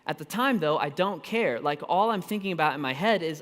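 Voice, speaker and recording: In a church auditorium where his words ring with long reverb, a high-voiced pastor in his thirties preaches through stories. He's lively and pokes fun at himself, darting into asides and starting sentences over.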